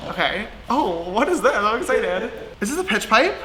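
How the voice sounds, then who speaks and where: A woman's voice: a little high, big pitch swings, normal speed, pushed and bright, roomy sound, a little hiss or hum. A woman chatting casually as a singing student in a vocal lesson, laid-back and full of "like".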